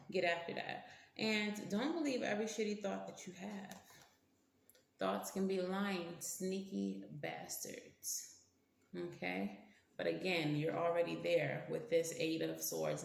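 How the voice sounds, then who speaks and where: Tarot lady, gravelly low voice, curses n talks to the cards, echoey room. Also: lively intonation, slow, a little hiss or hum. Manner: blunt, slangy and profane, talks to the cards. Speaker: tarot reader. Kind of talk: casual tarot reading. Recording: roomy echo.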